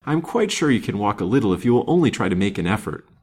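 Sex: male reader. Figure: haughty, jealous lady, as a man puts her on. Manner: cold, chiding. Pitch: raised a little above his own low voice. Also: big pitch swings, fast talker, a little mellow, slightly rough. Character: cool, haughty widow, sharp-tongued and jealous.

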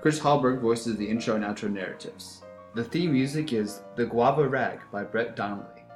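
A man reading a podcast outro and credits in a plain, steady way. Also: medium pitch, normal speed. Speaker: podcast announcer. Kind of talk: scripted outro. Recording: roomy with faint music.

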